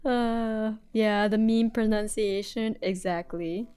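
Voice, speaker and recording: A woman's voice: medium pitch, fairly even intonation, takes it slowly, dark tone, clean tone, faint music behind. A young American woman chatting casually on a live stream while she draws, rambling and giggling with lots of fillers.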